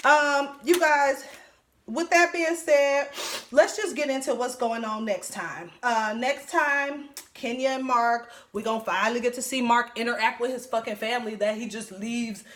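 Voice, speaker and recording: Woman, vlogger, casual show recap, blunt, profane, chatty, slightly high voice, echoey room. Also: normal speed, a bit bright.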